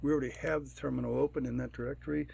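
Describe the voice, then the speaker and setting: A man talking through a programming tutorial step by step, unhurried and thinking aloud, often clearing his throat. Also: mid-range voice, steady tone, a little mellow, a little hiss or hum. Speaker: tutorial presenter. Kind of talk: screen-recorded programming tutorial.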